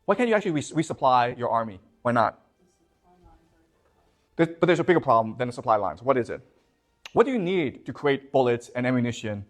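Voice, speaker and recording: Fast, lively male professor lecturing. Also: medium pitch, faint music behind. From China. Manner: quizzes the class with rapid questions, tags "okay?" constantly; repeats words as he pushes ahead. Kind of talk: classroom lecture.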